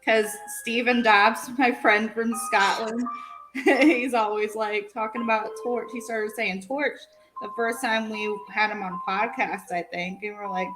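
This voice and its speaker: A woman co-hosts a casual podcast, chatty and quick to laugh as she wanders off topic. Her voice sits a little high. Music plays clearly underneath her. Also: fairly even intonation, low-quality recording. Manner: giggly, chatty, goes off on tangents. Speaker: podcast co-host.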